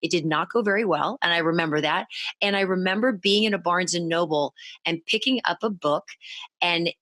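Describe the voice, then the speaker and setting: A woman podcast guest in her thirties, speaking candidly in a halting way, often restarting and quoting her past self. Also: on the low side, a bit bright, dry recording. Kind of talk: candid conversational interview.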